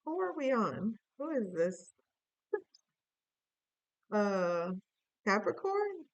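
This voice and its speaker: A woman's voice: mid-range voice, sing-song, extremely slow, no room sound, low-quality recording. A woman giving a casual tarot reading, playful and musing aloud with chatty asides. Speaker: tarot reader.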